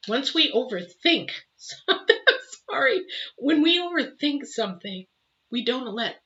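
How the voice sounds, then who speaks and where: Bright-voiced woman reading tarot, emotional. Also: high voice, very animated, a little slow. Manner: emotional, exclamatory, swings between bursts and soft murmurs. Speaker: tarot reader. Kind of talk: live intuitive tarot reading. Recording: slightly dull, faint noise.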